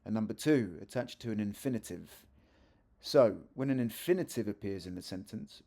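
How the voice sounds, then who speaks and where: Gravelly, mellow male language teacher. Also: lowish voice. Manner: chatty, self-correcting teacher with asides. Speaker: Spanish teacher. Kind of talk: video lesson explaining grammar.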